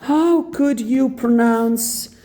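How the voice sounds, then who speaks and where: A man's voice: extremely high pitch, warm tone. A man with an Arabic accent teaching English pronunciation to beginners, repeating each drilled word several times. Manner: slow, drills words by repeating them.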